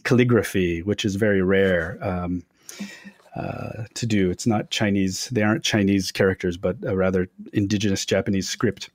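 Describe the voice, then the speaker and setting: A man, a guest on an interview podcast, telling lively anecdotes with many fillers and restarts. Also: low-pitched, moderate pace, no room sound, clean studio sound. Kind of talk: storytelling in interview.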